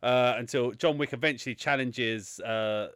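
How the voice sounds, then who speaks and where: Smooth-voiced podcast host. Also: male voice, mid-range voice, normal speed, fairly bright tone, dry recording, studio quality. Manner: jokey, teasing, rambling plot summary. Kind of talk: casual podcast chat.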